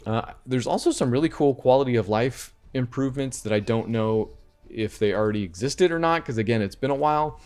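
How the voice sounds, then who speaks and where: A man's voice: mid-range voice, brisk, darkish tone, smooth, soft background music. A man hosting a casual video game podcast, rambling and often correcting himself as he talks. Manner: rambling, self-correcting, conversational. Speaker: podcast host reviewing video games. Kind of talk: casual chat.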